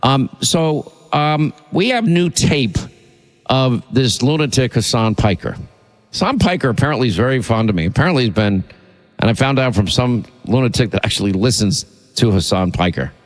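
Male talk radio host, indignant and rambling, average pitch, reverberant sound. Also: expressive, normal speed. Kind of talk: opinionated talk radio monologue.

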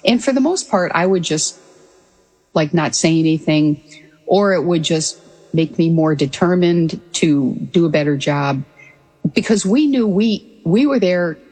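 A woman's voice: fairly low pitch, lively intonation, a little slow, a little mellow, husky, in a large hall, soft background music, poor audio. A woman in her sixties, a former military pilot, telling her story as an interview guest in an earnest, reflective way. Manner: earnest and reflective, with frequent restarts and light laughs. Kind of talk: conversational storytelling.

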